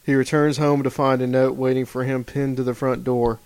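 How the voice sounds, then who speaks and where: Male podcast co-host, mid pitch, relaxed and rambling, dry close-mic sound. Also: brisk, hardly any pauses, clear, resonant tone, no echo. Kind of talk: casual chat, reading aloud a passage.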